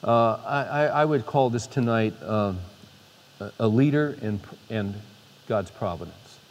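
Guy preaching at a podium, lots of restarts, builds up loud, echoey hall. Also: fairly low pitch, measured pace. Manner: unscripted, many restarts, builds to emphatic peaks. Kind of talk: informal sermon. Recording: long hall reverb.

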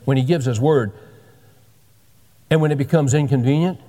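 A man's voice: medium pitch, mellow, in a large hall. A pastor in his sixties giving a sermon with folksy, joking asides. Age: 60s.

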